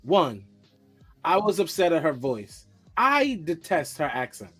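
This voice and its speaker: A man co-hosting a casual podcast, his voice sitting notably high. He teases his co-hosts and keeps the banter animated. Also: a little slow, slightly rough, faint music behind. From New York. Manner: teasing, animated, laughs often. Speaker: podcast co-host.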